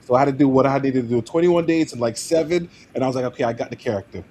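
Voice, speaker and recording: A man, an actor, speaking as a guest in a casual podcast interview, animated and laughing as he talks. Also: mid-range voice, rapid-fire, slight background noise. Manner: animated, laughs while talking.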